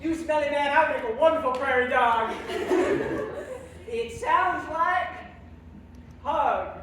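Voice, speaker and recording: A young woman performing live improv comedy, teasing her partner with silly shouted insults and giggling. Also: high-pitched, animated, slow pace, background noise. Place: small campus theater stage. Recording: echoey theater, mic from a distance, loud audience. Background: loud audience laughter.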